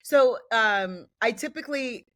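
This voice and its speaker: A woman's voice: a little high, unhurried, a bit bright, no echo. Enthusiastic woman co-hosting a podcast, dry sound. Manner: enthusiastic, emphatic, affirming. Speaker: podcast co-host. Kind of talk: casual chat.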